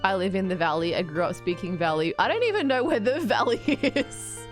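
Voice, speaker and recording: Australian woman, game streamer, bubbly and chatty, mid-pitched, clear game music behind. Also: lively intonation. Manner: bubbly, chatty, quick to joke. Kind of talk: live game stream commentary.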